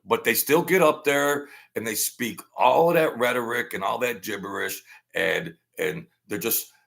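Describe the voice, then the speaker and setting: A man's voice: medium pitch, measured pace, gravelly, fairly bright tone. A man hosting his own channel, delivering an emphatic, repetitive political rant and mocking his opponents in a put-on whine. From Italian-American family. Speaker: political commentary host.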